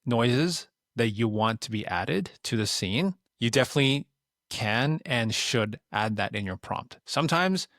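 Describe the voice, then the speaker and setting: A man giving a relaxed, plain-spoken tutorial explanation as a voice-over. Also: medium pitch, a little slow, no room sound, studio quality. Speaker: tutorial creator. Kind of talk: instructional screen-recording explanation.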